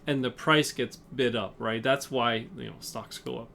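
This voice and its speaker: A man's voice: medium pitch, steady tone, a little slow, vocal fry, bright, forceful tone. Chatty man doing a market breakdown. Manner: chatty, filler-heavy, restarts often. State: slightly out of breath. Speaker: trading channel host. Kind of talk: casual market analysis.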